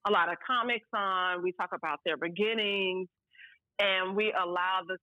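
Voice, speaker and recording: A woman from St. Louis with a slight country twang, a guest on a podcast, chatting casually in a loud, outspoken way with frequent laughter. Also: medium pitch, steady tone, normal speed, no room sound, lo-fi sound. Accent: St. Louis, Missouri. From St. Louis, USA. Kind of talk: casual chat.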